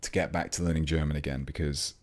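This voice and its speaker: Deep-voiced English man chatting on a livestream. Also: level tone, fast talker. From England. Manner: chatty, rambling, reads chat aloud mid-task. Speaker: hobby livestream host. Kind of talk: casual livestream chat while building models.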